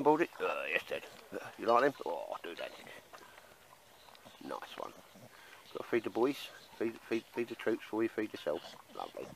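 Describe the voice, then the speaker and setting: Male bushcraft vlogger, low-pitched, casual and jokey, outdoors in the woods. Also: gravelly, a little hiss or hum, rough recording. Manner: chatty, laughs often, calls everyone mate. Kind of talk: casual outdoor chat to camera. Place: outdoor woodland camp in rain.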